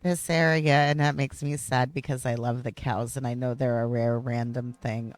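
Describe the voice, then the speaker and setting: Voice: medium pitch, level tone, moderate pace, hardly any pauses, no room sound. A streamer giving casual gameplay commentary, gushing and playful.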